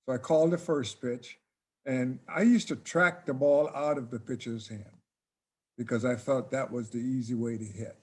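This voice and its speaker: An older man and former ballplayer, relaxed and casual, telling a long anecdote in an interview and acting out the dialogue. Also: mid-range voice, normal speed, slightly rough. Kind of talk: casual storytelling.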